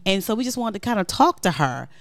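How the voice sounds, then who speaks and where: A woman co-hosting a family podcast, joking and chiming in with quick affirmations. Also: medium pitch, big pitch swings, no room sound. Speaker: podcast co-host and mother. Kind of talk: casual family podcast chat. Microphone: studio microphone.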